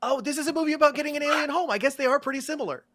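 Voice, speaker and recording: A man's voice: extremely high pitch, very fast, bright, forceful tone. A man playing a tabletop horror game, talking in character in a nervous, defensive, rambling way. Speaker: player. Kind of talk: in-character tabletop role-play.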